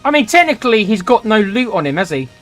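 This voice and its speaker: A man's voice: high-pitched, sing-song, quick pace, a bit bright, soft background music. A man in his forties commenting on his own strategy game play, sarcastic and grumbling at the game. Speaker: gaming channel host.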